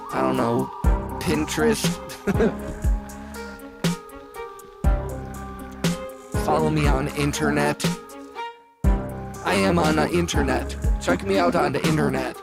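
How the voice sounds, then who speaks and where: A laid-back man chats through a late-night music livestream, his fairly high voice carrying a gravelly edge. He rambles, jokes and reads the chat aloud. Music plays clearly behind him. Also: slow pace, pauses often. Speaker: livestream host and music producer. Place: home studio. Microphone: studio microphone. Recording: music playing under the voice. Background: music playing.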